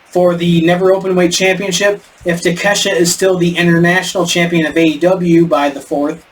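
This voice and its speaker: A man's voice: high voice, level tone, fairly quick. A man co-hosting a podcast in casual chat, rambling and stumbling over names. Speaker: podcast co-host. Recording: distant mic with faint background noise.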